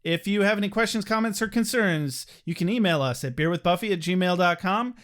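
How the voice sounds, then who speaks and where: A man's voice: high voice, fairly quick, fairly bright tone. A man co-hosting a podcast, chatting casually, joking and laughing often. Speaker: podcast co-host. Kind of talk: casual chat.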